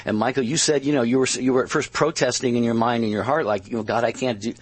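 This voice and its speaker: A man hosting a call-in talk show, reflecting back on a caller's story in a relaxed, chatty way with many fillers. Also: mid-range voice, fast talker, slightly rough, no room sound. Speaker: radio talk show host. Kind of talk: casual chat.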